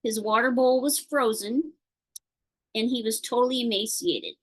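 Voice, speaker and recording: A woman chatting casually on a video call, telling a worried story in a rambling, halting way with many fillers. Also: a little high, rough recording. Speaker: participant sharing a concern.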